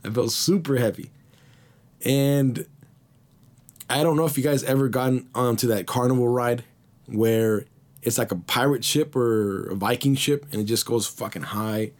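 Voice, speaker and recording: A man's voice: medium pitch, normal speed, darkish tone. A man hosting a podcast, telling a rambling, slang-heavy story full of swearing. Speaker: podcast host. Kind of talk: casual storytelling.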